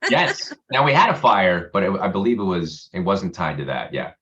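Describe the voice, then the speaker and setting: A man with a very low voice talks about his work in a loose, rambling way, often starting over mid-sentence. His audio comes through dull and lo-fi, the way a video call does. He laughs easily as he goes. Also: very animated, moderate pace, a bit bright. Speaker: actor guest. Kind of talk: casual interview chat.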